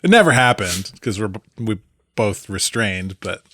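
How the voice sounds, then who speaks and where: A man co-hosting a podcast in casual chat, halting and full of fillers, speaking into a boom mic. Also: big pitch swings, sharp tone, no room sound, clean studio sound. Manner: laughs often, filler-heavy, halting. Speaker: podcast co-host.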